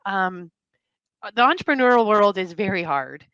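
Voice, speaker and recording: A woman's voice: medium pitch, animated, moderate pace, fairly bright tone, clean tone, dry recording, dull audio. A woman guest on a podcast, speaking openly and hesitantly with many ums. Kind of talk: casual interview chat.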